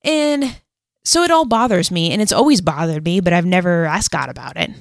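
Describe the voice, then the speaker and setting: Gravelly, low-voiced chatty podcast woman. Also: lively intonation, fairly quick, no echo, clean studio sound. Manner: chatty storytelling with frequent "like" and self-deprecating laughs. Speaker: podcast co-host. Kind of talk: casual faith conversation.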